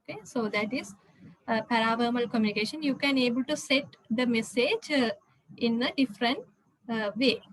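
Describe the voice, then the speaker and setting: A woman with a high voice gives a recorded slide lecture. She pauses often on "uh" and restarts words midway, keeping an explanatory classroom tone. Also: poor audio. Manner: hesitant, frequent "uh" fillers and restarts.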